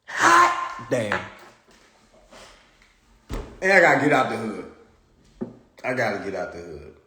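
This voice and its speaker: A man hosting a live stream, ranting in a casual comedic way, profane and animated, and laughing often. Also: on the low side, brisk, echoey room.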